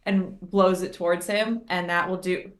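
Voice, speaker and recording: A woman's voice: fairly low pitch, steady tone, normal speed. A woman playing in a tabletop game, describing her character's actions casually with filler words. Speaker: player. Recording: roomy echo.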